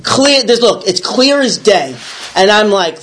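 Animated high-voiced man telling a story. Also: measured pace. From the Bronx, New York. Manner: animated, acts out his own inner voice. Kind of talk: storytelling to a small audience.

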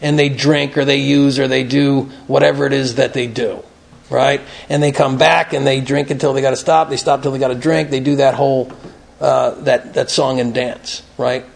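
Gravelly earnest man telling stories. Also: medium pitch, flat delivery, moderate pace. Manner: earnest, storytelling, plain-spoken. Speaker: recovery meeting speaker. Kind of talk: conversational talk at a recovery meeting. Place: meeting room, evening gathering.

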